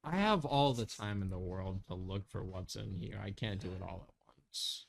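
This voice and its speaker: A laid-back former snoop, played by a man in a tabletop game. He talks relaxed and casual with a light joking edge, in a fairly low voice. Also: moderate pace, gravelly, a little hiss or hum. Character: wary male ex-professional snoop, laid-back.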